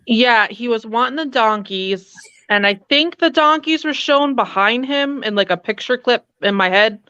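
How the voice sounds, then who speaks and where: A woman's voice: a little high, lively intonation, normal speed, pushed and bright, clean tone, no room sound, lo-fi sound. A woman paranormal investigator on a live stream, speaking earnestly and reflectively and stressing her points. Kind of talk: casual live-stream chat.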